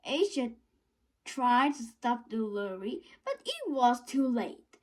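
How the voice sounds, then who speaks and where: A woman's voice: fairly high pitch, sing-song. A woman with a Korean accent reading a children's book aloud, often stumbling on a word and starting it again. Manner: halting, stumbles and corrects words. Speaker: storybook reader.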